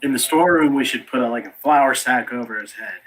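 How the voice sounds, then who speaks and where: A man's voice: mid-range voice, fairly quick, a bit bright, slight background noise, poor audio. A man chatting casually as a player in a tabletop role-playing game, eager and joking.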